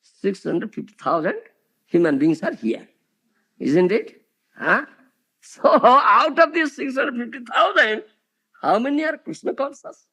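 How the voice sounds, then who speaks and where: A man's voice: very high voice, lively intonation, unhurried, long pauses, pushed and bright, slightly rough. A man giving a devotional lecture as a spiritual teacher, peppering it with rhetorical questions like "huh?" and "isn't it?" to his audience.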